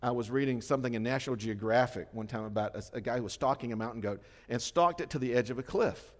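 A middle-aged man delivers a sermon in an easy, conversational way, now and then acting out the voices of the people he quotes. His voice sits at an ordinary pitch for a man. It rings out with a long reverb tail, as from a church hall. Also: fast talker. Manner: animated storytelling, acts out quoted voices. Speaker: pastor.

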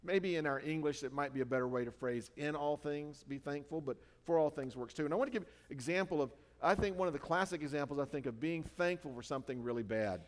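In a reverberant hall, a preacher gives a sermon in a loose, conversational style, packed with fillers and self-corrections. His voice sits a little high, and he talks quickly with barely a pause.

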